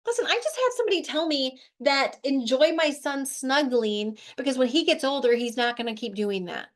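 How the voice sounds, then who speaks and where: A middle-aged woman with a high voice leads a motivational group talk as the host of a weight-loss show. She speaks in an animated, chatty way, full of "like" and "right?" as she checks in with her listeners. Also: moderate pace.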